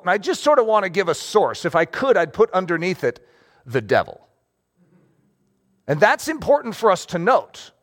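A man preaching a sermon as pastor, conversational and animated, often checking in with his listeners. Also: high-pitched.

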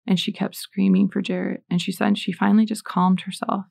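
A woman's voice: mid-range voice, flat delivery, a little fast, creaky, darkish tone, no echo. A woman in her forties giving a Catholic faith talk, telling personal stories in an earnest way and reading scripture aloud. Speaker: Catholic speaker.

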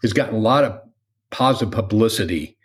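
A man's voice: fairly low pitch, a little fast. A man hosting a casual interview, asking friendly questions and laughing easily. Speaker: interview host.

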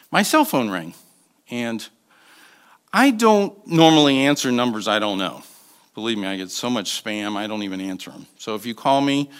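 A man in his sixties preaching as a guest speaker, telling a personal story with soft asides and emphatic bursts. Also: fairly high pitch. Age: 60s. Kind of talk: sermon.

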